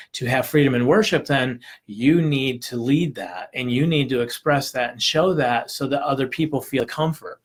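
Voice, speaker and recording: Middle-aged man, mid-range voice, earnest teaching talk to parents, reflective and unpolished. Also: medium pitch. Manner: earnest, reflective, many restarts and ums. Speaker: homeschool teaching presenter.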